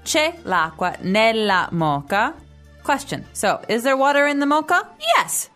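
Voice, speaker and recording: A woman's voice: a little high, very animated, measured pace, a bit bright, soft background music. A woman co-hosting a casual language-lesson podcast, who explains grammar step by step and teases her partner playfully. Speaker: co-host teaching Italian.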